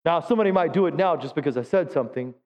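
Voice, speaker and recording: High-voiced pastor preaching in a big hall. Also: male voice, rapid-fire, darkish tone. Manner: conversational preaching, asks the congregation questions. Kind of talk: sermon. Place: church sanctuary. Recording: dull lo-fi sound with long hall reverb.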